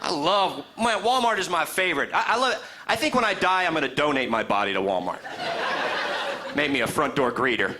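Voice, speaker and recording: A man doing a stand-up comedy set in a club, animated and slipping into high character voices. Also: brisk. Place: comedy club stage with a laughing audience. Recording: live club recording with crowd and noise.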